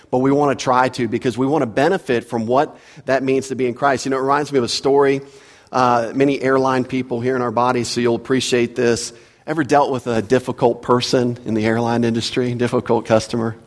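A man preaching a sermon as a pastor, in a conversational way with asides and repeated words, recorded in a church sanctuary. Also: medium pitch. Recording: reverberant church hall.

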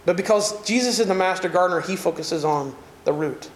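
A man with a Southern American accent preaching a sermon, animated and conversational, with jokes and asides to the congregation. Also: sits high, fairly quick, reverberant. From Southern United States. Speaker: pastor.

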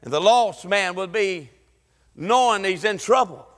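High-voiced, fiery preacher in a hall. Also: male voice, animated, a little slow. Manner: impassioned, rising to shouts, Southern preaching cadence. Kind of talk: fiery church sermon. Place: church sanctuary. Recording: long church hall reverb.

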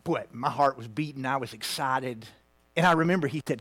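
A man in his fifties preaching a heartfelt personal story, at times dropping to a hushed near-whisper. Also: medium pitch, brisk, creaky. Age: 50s.

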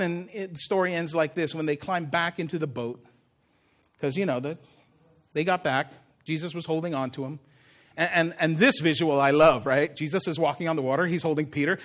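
High-voiced male pastor preaching. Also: fairly bright tone. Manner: conversational preaching, acts out Jesus' words. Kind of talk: sermon. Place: church.

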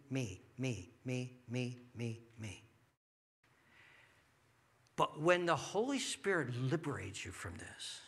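A man preaching a sermon as pastor, animated and acting out people's inner thoughts. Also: on the high side.

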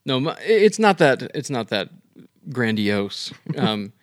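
A man in casual chat who builds up to his point slowly and deliberately. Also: mid-range voice, big pitch swings, no room sound, clean studio sound. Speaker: podcast co-host.

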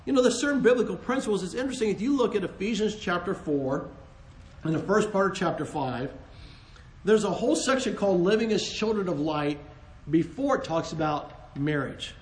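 A man's voice: high-pitched, expressive, fairly quick, roomy sound. A man co-hosting a Christian talk on marriage, earnest and joking, often restarting his sentences. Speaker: co-host, married couple ministry.

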